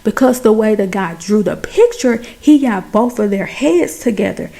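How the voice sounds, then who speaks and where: A woman giving a chatty, animated recap of a TV drama, talking straight to her viewers. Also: medium pitch, normal speed. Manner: chatty, addresses viewers as y'all and baby; animated, exclaims over plot twists. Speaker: TV show recapper.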